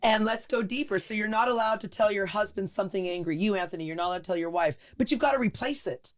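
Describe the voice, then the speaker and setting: A woman's voice: medium pitch, fast. A woman co-hosting a recovery podcast, talking emphatically and acting out quoted lines as she makes her points. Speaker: podcast co-host. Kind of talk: animated recovery talk. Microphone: studio podcast mic.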